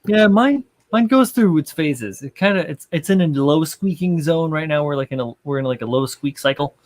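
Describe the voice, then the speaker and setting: A man's voice: a little high, lively intonation, normal speed, a little mellow, no room sound. A young man hosting a model-building livestream in loose, rambling chat, full of fillers and casual swearing. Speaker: livestream host.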